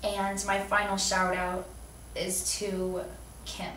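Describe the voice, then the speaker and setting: Seated indoors, a young woman vlogger records an earnest, heartfelt personal video message. Her mid-range, fairly bright voice is slow and completely flat. The distant camera mic picks up roomy echo and faint room noise.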